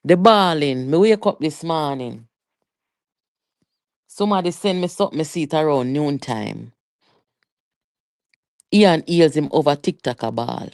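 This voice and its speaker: A livestreamer with a Jamaican accent giving a heated, animated political rant, mixing Patois with English and talking straight to viewers. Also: mid-range voice, a little slow, long pauses, no room sound, studio quality. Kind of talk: live political commentary rant.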